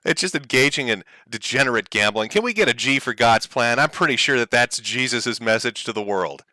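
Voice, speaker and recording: A sarcastic male streamer mocks his subject for his chat, with a lively voice that swings up and down. His tone is bright and forward, and the recording is close and dry with no room sound. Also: mid-range voice, moderate pace, no echo. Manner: sarcastic, mocking, often laughing. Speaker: streamer host. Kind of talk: mocking livestream commentary.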